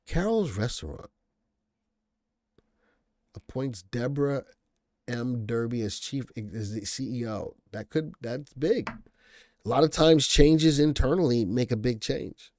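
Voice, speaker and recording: A man's voice: medium pitch, animated, takes it slowly, pauses often, a little mellow, dry recording, studio quality. A man hosting a live stock-analysis stream, talking casually, thinking aloud and answering viewer comments. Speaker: stock market show host.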